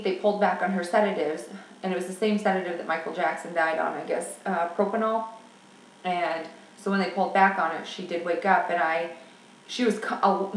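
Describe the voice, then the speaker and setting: A woman talking frankly and at length in a candid personal vlog. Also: on the low side. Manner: chatty and frank, rambling. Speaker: vlogger. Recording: roomy sound from a distance.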